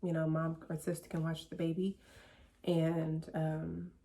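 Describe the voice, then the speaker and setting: Woman vlogger with a low, gravelly voice who tells her own story in a loose, chatty way. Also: completely flat delivery, a little slow, mellow. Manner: chatty, full of "like" and "you know". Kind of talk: casual personal storytelling.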